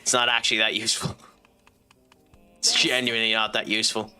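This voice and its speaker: Very bright-voiced Irish man streaming. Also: on the low side, level tone, a little fast, clean tone, faint music behind. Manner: rambling, lots of ums and restarts. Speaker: game streamer. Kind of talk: casual gameplay commentary and chat reading.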